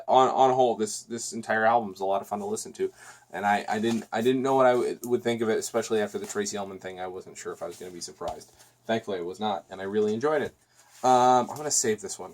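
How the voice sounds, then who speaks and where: A man hosting a podcast, talking casually and reviewing on his own, rambling, with many restarts and fillers. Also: fairly low pitch. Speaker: podcast host.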